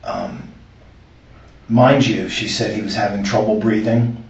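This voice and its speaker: Deep gravelly man, echoey and distant. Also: wildly swooping pitch, a little mellow. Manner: earnest, halting retelling with restarts. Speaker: interviewee recounting a recorded conversation. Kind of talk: spoken account in an interview. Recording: echoey room, far from the mic, muffled.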